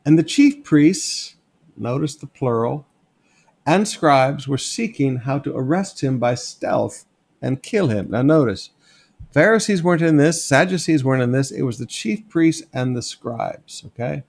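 Going verse by verse through a Bible passage, this pastor speaks at medium pitch with lively intonation, unhurried and a bit creaky yet mellow. He keeps things conversational and emphatic, stopping often to say "notice" or "okay?" and drawing on a board as he teaches.

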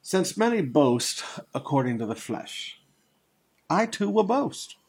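Slow, husky older preacher. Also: male voice, a little high, very animated, a little mellow. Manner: conversational Bible teaching with asides and repeated phrases. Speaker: pastor. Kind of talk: sermon.

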